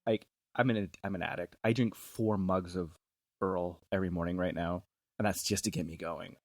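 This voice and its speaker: A man's voice: sits low, steady tone, normal speed, no echo. A man hosting a podcast in a small studio, chatting casually in a blunt, profane, self-mocking way. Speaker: podcast host. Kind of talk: casual chat.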